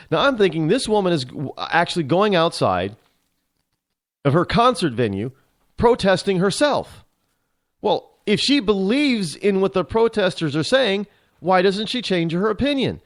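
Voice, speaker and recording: A male radio host rants through an opinion monologue, sarcastic and rambling, often restarting his sentences. His voice sits a bit high and swings up and down a great deal. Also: very animated, moderate pace. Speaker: radio talk show host.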